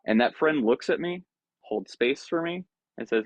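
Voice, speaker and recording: A man teaches a dharma talk in a loose, conversational way, often slipping into the voice of his own thoughts. His voice sits in a middle pitch. The recording is dry and a bit muffled, like a video call. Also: moderate pace, no room sound. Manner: conversational, animated, acts out inner voices. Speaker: Buddhist teacher. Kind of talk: dharma talk to an online group.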